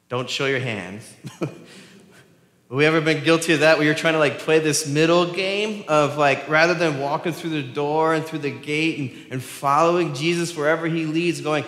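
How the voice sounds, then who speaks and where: A man giving a conversational sermon as a pastor. He talks in an animated way and keeps asking the congregation "right?". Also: on the high side, normal speed. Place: church sanctuary. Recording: echoey church hall with long reverb.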